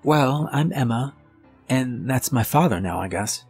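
A man voicing a young girl who speaks softly and earnestly to her father in a horror story narration. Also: mid-range voice, expressive, a little slow, faint music behind, voice pushed up. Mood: friendly.

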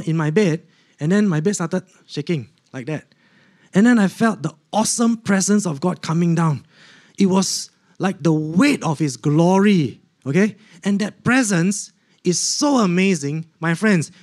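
A man's voice: a little high, darkish tone. Emotional man giving a testimony. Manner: emotional storytelling with "okay?" asides to the audience. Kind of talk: church testimony.

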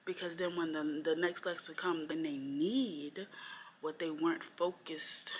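A woman's voice: deep voice, steady tone, measured pace, a little hiss or hum. A young woman, a first-year teacher, talking through her week in a casual, reflective vlog chat, rambling a little with lots of fillers.

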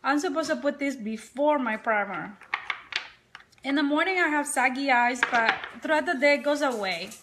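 Tired, chatty woman with a high voice. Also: moderate pace, noisy background. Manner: chatty, rambling, talks to viewers and dog. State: tired, sleepy. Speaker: makeup vlogger. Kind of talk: casual live-stream chat. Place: home, indoors. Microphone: phone or webcam.

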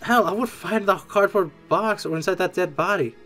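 An excitable gamer joking and exclaiming while reacting to a game's death scenes. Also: medium pitch, normal speed, faint music behind. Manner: excitable, jokey, exclaims often and mimics characters. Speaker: reaction video creator. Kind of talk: casual game reaction commentary.

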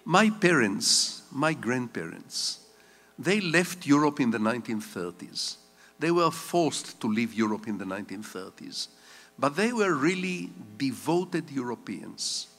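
An older man delivers a public lecture from the stage of a large hall. He wanders into anecdotes and dry jokes, and his medium-pitched voice carries a long reverb through the room. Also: sing-song, measured pace, a bit bright. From Israel. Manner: digressive storyteller with wry humor. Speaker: guest lecturer.

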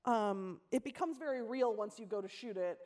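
A woman with a fairly high voice speaks on a theater stage, hesitating with plenty of ums and likes. She sounds dryly amused as she answers an audience question. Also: a little mellow. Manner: halting, filler-heavy, dryly amused. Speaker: panelist and writer. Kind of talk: candid conversational talk on stage.

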